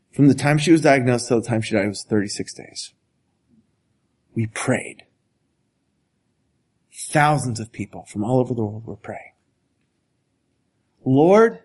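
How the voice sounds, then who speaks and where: A man preaching a sermon as a pastor, earnest and deliberate, with dramatic pauses and sudden drops to a whisper. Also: medium pitch, a little mellow, slightly rough.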